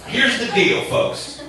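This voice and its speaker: A man's voice: extremely high pitch, bright, forceful tone, slight background noise. A young man from southern Minnesota doing a chatty stand-up set on a bar stage. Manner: conversational, chatty with many likes and rights. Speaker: stand-up comedian. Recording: echoey bar recorded from a distance.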